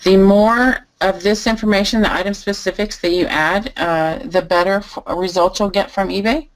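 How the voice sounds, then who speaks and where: A woman teaching a live online lesson, calmly thinking aloud as she types through each step. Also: mid-range voice, moderate pace, low-quality recording. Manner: relaxed, thinking aloud while typing. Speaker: online selling instructor. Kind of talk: live screen-share tutorial.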